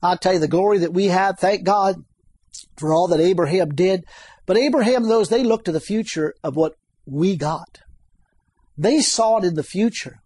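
A man's voice: sits high, normal speed, darkish tone, husky. A man preaching a sermon, reading scripture aloud and asking the congregation questions.

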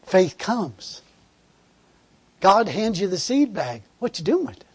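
A man's voice: high voice, big pitch swings, takes it slowly, husky. A man preaching a sermon in a fervent, conversational way, repeating words and laughing as he tells a story.

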